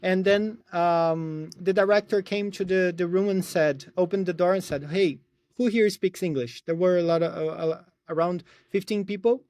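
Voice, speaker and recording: Brazilian-accented man, high voice, dry close sound, hesitant storytelling, video call. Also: fairly even intonation, normal speed, hardly any pauses, darkish tone, no room sound. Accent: Brazilian Portuguese. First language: Portuguese. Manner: hesitant, with frequent restarts and fillers. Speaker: podcast guest. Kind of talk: casual storytelling.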